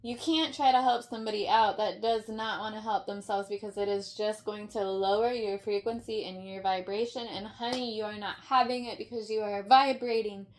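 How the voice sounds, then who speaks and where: A woman's voice: medium pitch, fairly even intonation, moderate pace, hardly any pauses. A woman giving a casual tarot reading, rambling and emphatic, full of fillers and swearing. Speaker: tarot reader.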